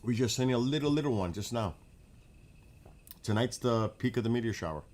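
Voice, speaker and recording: A man with a New York accent hosting a casual late-night livestream outdoors in front of his house, chatting with viewers in a relaxed, rambling way. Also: medium pitch, a little fast. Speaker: livestream host.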